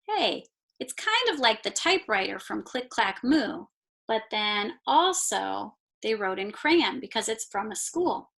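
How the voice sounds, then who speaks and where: Slow, expressive woman teacher reading aloud. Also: mid-range voice. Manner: slow, expressive reading that pauses to point out pictures. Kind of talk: read-aloud storytime.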